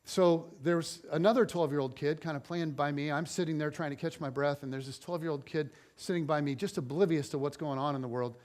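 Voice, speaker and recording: A man's voice: fairly high pitch, fairly quick, hardly any pauses. A middle-aged man preaching as a pastor, telling a story and acting out the voices in it. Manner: animated storyteller, acts out quotes. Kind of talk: sermon storytelling.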